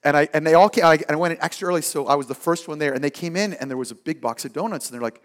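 A man preaching a sermon and telling a personal story, moving from loud emphasis to hushed asides and acting out the people in it. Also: a little high, very fast. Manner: acts out the people in his stories. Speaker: pastor.

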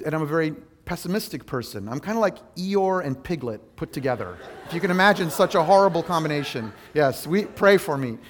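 A male pastor preaching a sermon, earnest and self-deprecating, telling personal stories in an animated way. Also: a little high.

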